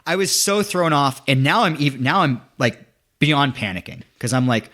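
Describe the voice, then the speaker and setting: A young man telling a story in casual podcast chat, animated, acting out quotes with many restarts. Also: medium pitch, fast.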